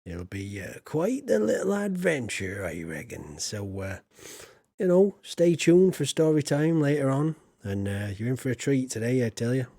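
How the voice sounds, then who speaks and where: A man's voice: medium pitch, big pitch swings, moderate pace, mellow, dry recording, studio quality. A man streaming a farming game, chatting in a rambling, jokey, homely way as a folksy farmer persona. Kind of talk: casual let's-play chat.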